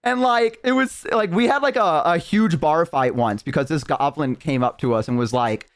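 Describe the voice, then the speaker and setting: A man's voice: on the high side, lively intonation, moderate pace, few pauses, smooth. A young man streaming, telling a long story in casual, rambling, profane chat full of "like". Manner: rambling, profane, heavy use of "like".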